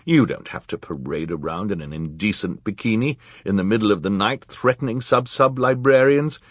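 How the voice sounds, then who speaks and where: A man's voice: lowish voice, lively intonation, normal speed, slightly rough, dry recording, studio quality. A man voicing a naive, noble-minded man who pleads eagerly in a storybook reading. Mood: pleading.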